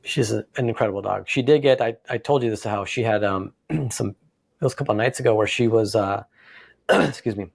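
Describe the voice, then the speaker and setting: A man's voice: lowish voice, brisk, creaky, slightly rough, no room sound, clean studio sound. A man co-hosting a podcast, a dog trainer who tells stories in casual chat and acts out owners and dogs. He sounds slightly congested.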